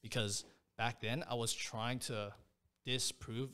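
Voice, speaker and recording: A man's voice: mid-range voice, steady tone, slow pace, bright, forceful tone, clean tone. Young man telling a story, slangy. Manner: slangy, rambling, peppers speech with "bro" and "like". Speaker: podcast guest. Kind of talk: casual storytelling.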